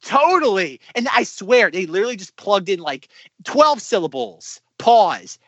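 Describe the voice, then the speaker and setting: A man co-hosting a podcast, chatting casually about a sketch show, animated and full of fillers. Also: high-pitched, unhurried, breathy edge, dry recording, lo-fi sound. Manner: animated, acts out quotes, many fillers. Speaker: podcast co-host. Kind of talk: casual chat reviewing a sketch comedy show.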